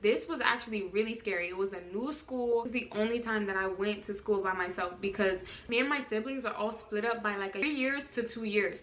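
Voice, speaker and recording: A young adult woman vlogger telling a story in casual storytime style, quick, animated and full of swearing. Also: a little high. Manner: rapid, profane, animated storytelling.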